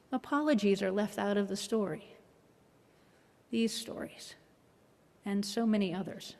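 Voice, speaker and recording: A woman minister giving a reflective, measured sermon with a gently wry touch. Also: medium pitch, creaky. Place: worship hall. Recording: long hall reverb.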